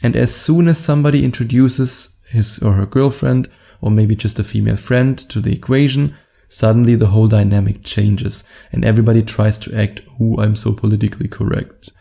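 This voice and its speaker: Gravelly, dark-voiced man coaching. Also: medium pitch, normal speed. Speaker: dating coach. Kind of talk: direct-to-camera advice monologue.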